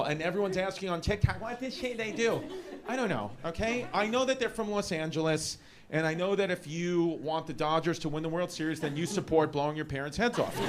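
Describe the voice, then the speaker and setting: A man with a New York accent doing a brash, rambling stand-up set in a comedy club. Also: sits high. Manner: rambling, brash, riffing on tangents. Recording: noisy club with roaring crowd. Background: loud audience laughter.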